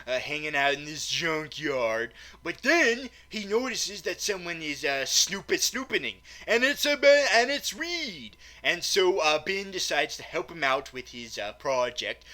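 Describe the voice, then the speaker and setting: A man with a high, sharp voice tears into a film in a rambling comedic rant. He stumbles over his words, restarts sentences and leans on fillers. His profanity comes out exasperated. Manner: stammering, repeats words, many fillers. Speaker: movie reviewer.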